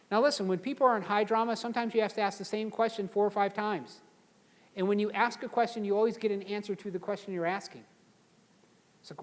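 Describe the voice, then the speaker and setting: A man giving a live motivational seminar to an audience, energetic and conversational, drawing the crowd in to repeat words after him. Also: high-pitched, fast talker. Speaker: seminar speaker.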